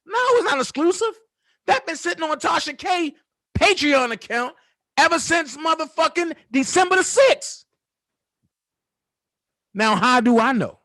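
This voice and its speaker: A man's voice: very high voice, animated, normal speed, sharp tone, no room sound, studio quality. A man hosting his own commentary channel, delivering a heated, profane, taunting call-out rant full of repeated jabs.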